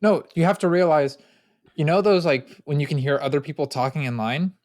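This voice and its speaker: A young man and podcast co-host telling stories in casual chat, animated, swearing freely and laughing often. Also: on the high side, fairly quick, dry recording, clean studio sound.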